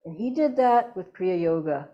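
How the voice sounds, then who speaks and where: A woman's voice: lowish voice, normal speed, muffled recording. Older woman telling spiritual stories. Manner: lively anecdotal storytelling, laughing often. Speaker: spiritual teacher. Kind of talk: inspirational satsang talk.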